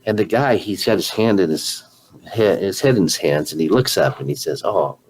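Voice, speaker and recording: A man's voice: sits low, animated, fairly quick, darkish tone, slight background noise, rough recording. A man hosting an interview, earnestly retelling a story and sharing his own experience, often restarting his words. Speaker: podcast host. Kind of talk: conversational storytelling.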